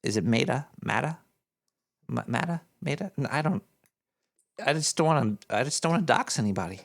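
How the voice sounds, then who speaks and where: A man voices a paranoid cartoon rat who hosts a radio show, reading out donations in a scatterbrained, rambling live-stream chat full of jokey asides. His gravelly voice is medium-pitched, lively in intonation, and fairly quick.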